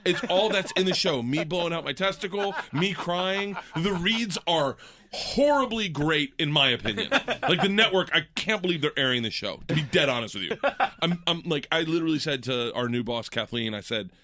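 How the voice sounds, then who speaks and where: A man's voice: a little high, moderate pace. A man in his forties telling wild stories in a casual chat, laughing often and acting out what people said. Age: 40s. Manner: animated, laughing storyteller acting out quotes.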